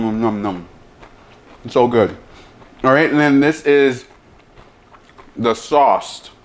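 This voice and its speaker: A man hosting a casual cooking demo and taste test, humming over each bite and talking with his mouth full. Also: mid-range voice. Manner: talks with mouth full, lots of savoring hums; slow, relaxed delivery. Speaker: chef, cooking show host.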